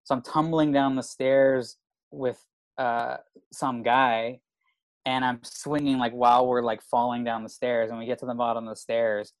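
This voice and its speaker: Here a stand-up comedian chats casually through a long tale, profane and meandering, with "like" popping up constantly. He speaks at normal speed in a medium-pitched, level voice, and there's no echo.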